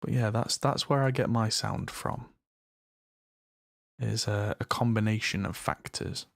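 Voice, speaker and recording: English man from the north, chatty streamer, rambling mixing engineer, lowish voice, dry close sound. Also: unhurried, creaky, no room sound. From north of England. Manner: rambling, chatty, self-deprecating. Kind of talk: casual live-stream chat.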